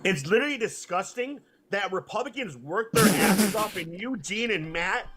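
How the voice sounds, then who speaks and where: A man's voice: high voice, expressive, moderate pace, a crowd in the background. Brief: heated male caller, thirties, hostile and profane. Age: 30s. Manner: angry, accusatory, swears a lot. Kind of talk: heated live debate.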